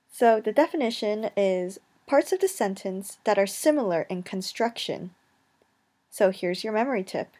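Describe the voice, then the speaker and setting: A woman's voice: medium pitch, darkish tone. A young woman teaching a casual lesson, chatty, with jokey asides and rhetorical questions.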